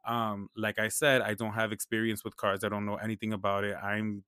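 A man's voice: fairly low pitch, level tone, fairly quick, bright, forceful tone, clean tone, no echo, clean studio sound. A young man telling a story in a casual, slangy, profane way, acting out the back-and-forth dialogue.

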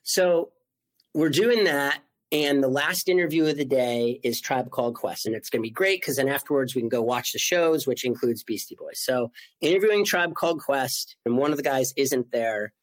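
A man in his forties telling a story as an interview guest, animated and full of "like" fillers. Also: mid-range voice, moderate pace. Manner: animated, acts out quoted voices, many "like" fillers. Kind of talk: storytelling in conversation.

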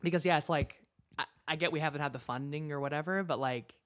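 A man co-hosting a podcast in casual chat, relaxed and chuckling, full of "like". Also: a little high, fast talker. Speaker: podcast co-host.

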